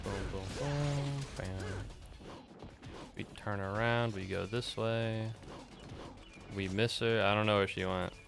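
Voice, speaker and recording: A man streaming himself playing an action game, commenting casually, excitable, swearing and joking at the game. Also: on the low side, slow pace, creaky, pauses often, music in the background.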